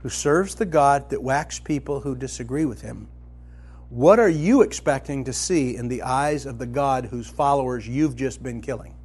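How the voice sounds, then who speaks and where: A man teaching from the Bible in a conversational, colloquial style, telling the story vividly and swinging from loud to hushed. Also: mid-range voice, moderate pace, breathy edge. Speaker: preacher.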